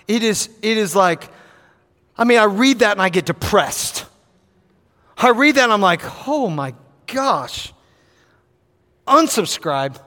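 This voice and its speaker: A man preaching a sermon as pastor, acting out quotes with animation and building to shouts. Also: high voice, lively intonation, measured pace, pauses often, in a large hall.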